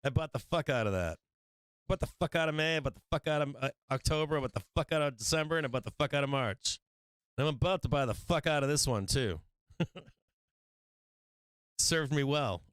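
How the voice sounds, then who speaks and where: A brash man rambles about buying dips, swearing freely and breaking into laughter between lines. His voice is smooth and clean, heard close and dry on a studio mic. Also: a little high, animated, fairly quick, long pauses, fairly bright tone, dry recording. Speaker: livestream market show host. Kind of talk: casual livestream trading talk. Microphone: studio microphone.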